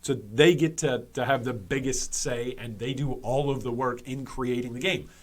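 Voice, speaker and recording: A man of medium pitch and normal speed hosts a gaming commentary video. He speaks emphatically, repeats key points for stress, and often restarts sentences and uses fillers.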